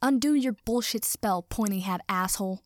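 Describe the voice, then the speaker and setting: A woman's voice: mid-range voice, moderate pace, no echo, close to an everyday voice. A woman doing a snarling young vampire guy. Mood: furious. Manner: snarling, swearing, aggressive. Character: brash shouting young male vampire.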